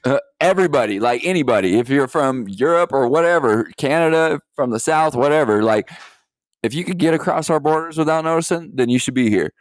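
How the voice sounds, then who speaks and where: A man's voice: on the high side, lively intonation, a little fast, dry recording. A man co-hosting a crude comedy podcast, blunt and profane, with what he calls a stern voice and frequent laughter. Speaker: podcast co-host. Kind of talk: crude casual chat.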